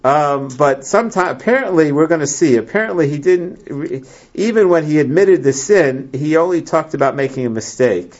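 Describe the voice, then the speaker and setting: A man with a fairly high voice teaches a Bible class to a small group. He reads each verse, then explains it with frequent restarts and fillers. The recording is muffled and lo-fi. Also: expressive, a little mellow. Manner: halting, many restarts, reads Hebrew verses then translates. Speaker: Torah teacher.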